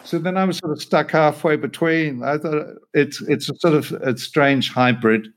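A man's voice: fairly high pitch, moderate pace, very noisy. An older male actor telling rambling, self-deprecating stories as an interview guest, laughing often. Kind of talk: casual interview anecdote.

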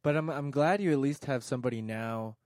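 A man's voice: mid-range voice, fairly quick, darkish tone, dry recording. Guy casually teasing his grandma with questions, dry close sound. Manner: teasing, joking prompts. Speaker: interviewer, grandson. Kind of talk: casual chat.

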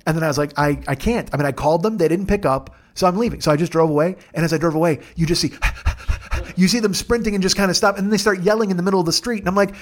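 At a friend's house, a man with a high-pitched voice tells casual, comedic stories. He's profane and animated, acting out the dialogue in quick voices.

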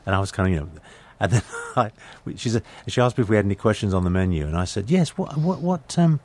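A man's voice: sits low, racing, slight background noise. An older British man telling rambling anecdotes as a guest in a casual interview, with many restarts. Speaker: guest actor. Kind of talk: conversational interview storytelling.

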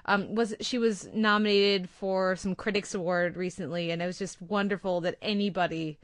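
An enthusiastic woman praising a TV performance in a casual review chat, her voice recorded dry and close. She pauses and restarts as she searches for the right words. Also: medium pitch, steady tone, dry recording. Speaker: podcast co-host.

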